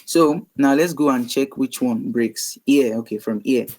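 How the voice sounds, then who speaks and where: A man walks through web code in a screen-recorded lesson, talking casually as he types. He thinks aloud, pauses on ums and corrects himself as he goes. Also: mid-range voice, darkish tone, a little hiss or hum, low-quality recording. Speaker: web development tutor. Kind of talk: screen-recorded coding tutorial.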